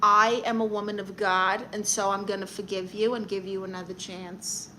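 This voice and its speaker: A woman's voice: medium pitch, level tone, moderate pace, sharp tone, slight background noise. A woman with a Brooklyn accent hosting a comic livestream. She reads viewer comments and gives blunt, sassy advice, calling people honey.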